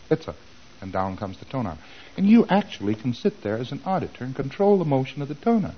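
A man's voice: medium pitch, big pitch swings, fast, breathy edge, lo-fi sound. A man giving an informal lecture, animatedly acting out both sides of the dialogues he describes.

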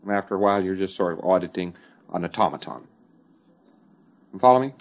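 A man's voice: deep voice, fast, muffled recording. A man giving a recorded instructional lecture in a conversational, emphatic way, with folksy asides and fillers.

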